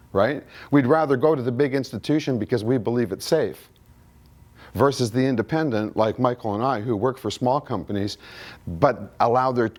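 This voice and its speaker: A man's voice: medium pitch, darkish tone. Man in his sixties telling stories. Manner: anecdotal, acts out both sides of remembered conversations; quizzes the audience with show-of-hands questions. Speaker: guest speaker at an investing conference. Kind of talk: seminar storytelling talk. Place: indoor conference room.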